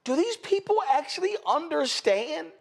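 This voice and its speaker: A man's voice: extremely high pitch, normal speed, gravelly. A middle-aged man from Houston hosting a talk show, arguing his point in an emphatic, opinionated way. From Houston, Texas. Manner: emphatic, argumentative, animated.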